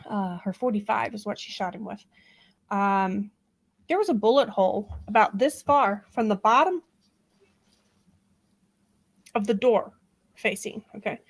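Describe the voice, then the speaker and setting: A middle-aged woman giving casual true-crime commentary, animated and sarcastic, acting out what others said. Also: medium pitch, poor audio. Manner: animated, sarcastic, acts out quotes.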